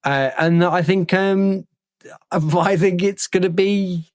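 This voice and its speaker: A man's voice: sits high, fairly even intonation, takes it slowly, dry recording, clean studio sound. A man hosting a football podcast, chatting casually with many fillers and restarts. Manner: rambling, full of fillers and restarts. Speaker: podcast host. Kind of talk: casual chat.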